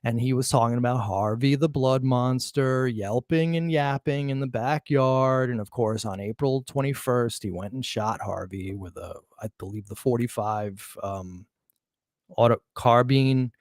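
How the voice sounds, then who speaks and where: A man's voice: mid-range voice, a little slow, darkish tone, no room sound, studio quality. A man hosting a true crime commentary, reading letter passages aloud and mocking his critics with chuckles and restarts. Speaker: true crime channel host.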